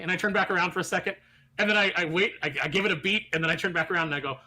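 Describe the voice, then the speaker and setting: A man co-hosting a pop culture podcast, telling a lively anecdote in casual chat and slipping into put-on voices. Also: high-pitched, racing. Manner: animated anecdote teller, puts on voices. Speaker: podcast co-host.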